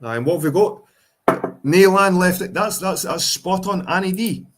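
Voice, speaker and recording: A man's voice: high-pitched, animated, a little fast. A Scottish man hosting a livestream, ranting bluntly and swearing a lot in casual chat with viewers. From Scotland. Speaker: livestream host.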